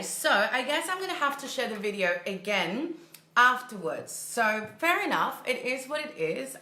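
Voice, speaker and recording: Woman, mindset coach, casual livestream chatter, bright tone, roomy echo. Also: mid-range voice. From Germany. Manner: chatty, upbeat, thinks aloud and laughs often. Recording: echoey room.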